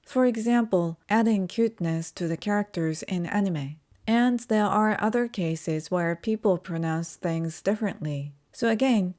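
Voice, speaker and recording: A woman whose first language is Japanese gives a pronunciation lesson, speaking slowly and carefully as she demonstrates sounds. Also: mid-range voice, mellow. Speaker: language teacher.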